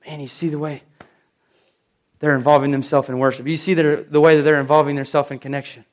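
Middle-aged guy preaching, kinda high voice, slows down to hammer his points home. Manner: animated storytelling with slow emphatic repeats. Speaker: pastor. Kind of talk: sermon.

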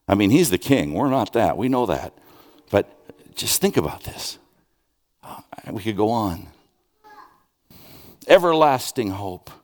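A man preaching a sermon, conversational with restarts and rhetorical questions, dropping soft and then rising with urgency. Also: lowish voice, animated, normal speed, long pauses. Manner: swings from soft, hushed lines to raised, urgent questions. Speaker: pastor.

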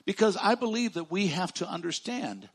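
A man preaching a sermon as pastor, stressing words by repeating them and swinging from loud declarations to hushed, slow lines. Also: high-pitched, very animated.

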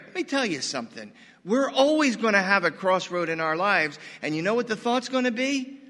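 High, bright-voiced preaching man. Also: moderate pace, long reverb tail. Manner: animated, folksy preaching with sudden loud bursts. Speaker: pastor. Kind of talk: sermon.

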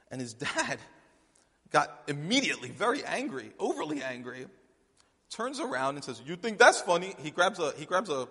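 A man's voice: mid-range voice, bright, forceful tone. A man preaching a sermon in a conversational, storytelling way, with frequent restarts. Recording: long hall reverb.

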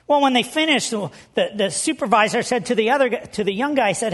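A woman's voice: fairly high pitch, animated, fast. A woman preaching a sermon in a conversational storytelling way, asking the congregation questions. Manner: conversational, storytelling, asks the audience. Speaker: pastor.

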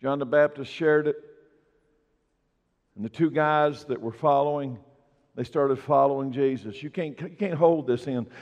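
A man's voice: mid-range voice, a little slow, long pauses, a little mellow. A man preaching a sermon as pastor to his church, emphatic and building in force on key points. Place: church sanctuary. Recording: dull, echoey church hall recording.

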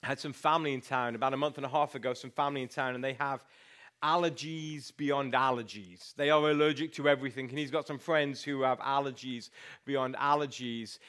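A middle-aged man, a pastor preaching a sermon in an animated, storytelling way. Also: mid-range voice.

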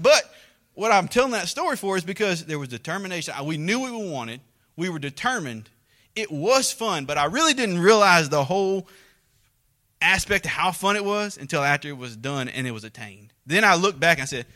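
A man, telling a folksy hunting story as a sermon illustration, shouting out the lively parts. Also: on the high side, fairly quick. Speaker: preacher.

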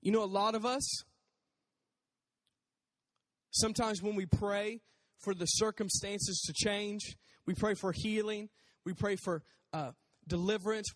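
High-voiced man preaching in a hall. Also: unhurried. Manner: conversational, animated, acts out voices. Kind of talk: casual sermon.

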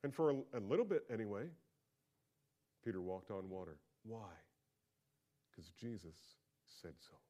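A man preaching a sermon as pastor, talking conversationally and swinging from quiet asides to loud, emphatic peaks. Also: lowish voice, sing-song, moderate pace, pauses often, muffled recording.

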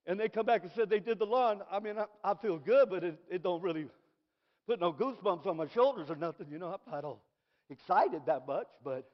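A middle-aged man preaching a sermon in an animated way, dropping to soft asides and rising to shouted praise. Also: sits high, fairly quick. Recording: dull recording in a reverberant hall.

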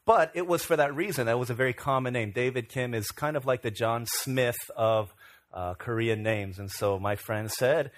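A middle-aged man from Virginia, a pastor telling stories in a relaxed, self-deprecating way during a sermon. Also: mid-range voice, moderate pace. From Virginia, USA. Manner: conversational, self-deprecating storyteller. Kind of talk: storytelling sermon.

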